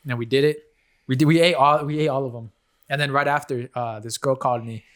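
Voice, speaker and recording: A man's voice: mid-range voice, fairly even intonation, quick pace, fairly bright tone. A young man on a podcast, telling a crude story in casual chat, full of slang and laughter. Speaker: podcast co-host.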